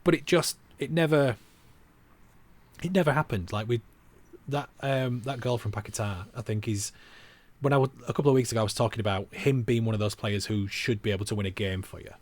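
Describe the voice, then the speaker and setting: A man's voice: mid-range voice, a little fast. A man co-hosting a football podcast, chatting casually and rambling with self-mocking asides. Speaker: podcast co-host.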